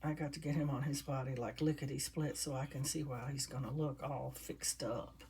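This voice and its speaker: This older woman's voice rumbles low and darkish, fairly even in intonation and moderate in pace, over slight background noise. She chats casually to viewers while stuffing and assembling a handmade doll in a crafting vlog.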